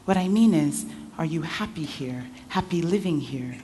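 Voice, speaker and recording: A woman voicing a middle-aged uncle, drunk and grieving, his words slurred and turning from soft to angry. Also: deep voice, normal speed, a little hiss or hum, natural voice. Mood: soft, probing. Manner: slurred, shifting between soft and clenched.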